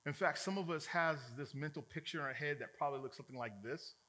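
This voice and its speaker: High, sharp-voiced energetic male preacher. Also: quick pace. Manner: energetic, joking, colloquial. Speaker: pastor. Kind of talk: sermon.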